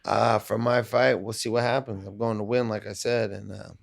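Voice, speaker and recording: A man's voice: fairly low pitch, level tone, normal speed, gravelly. A man telling stories as a podcast guest, laid-back and full of swearing. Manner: profane, laid-back, rambling. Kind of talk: casual storytelling.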